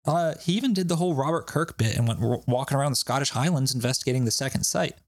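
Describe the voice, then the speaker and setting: A man's voice: mid-range voice, quick pace, dry recording, clean studio sound. A man hosting a podcast, telling stories in a loose, laughing way with plenty of swearing. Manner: laughing, profane, loose storytelling. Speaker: podcast host. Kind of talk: casual chat.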